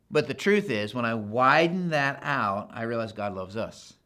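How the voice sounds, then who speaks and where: A man's voice: mid-range voice, expressive, measured pace, sharp tone. Emphatic conversational male pastor. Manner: conversational, builds to emphatic repetition. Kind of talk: sermon.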